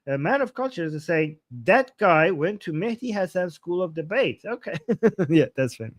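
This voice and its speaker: A man's voice: sits high, sing-song, moderate pace, no room sound. A man hosting a casual political livestream, talking in a sarcastic, mocking way and swearing freely.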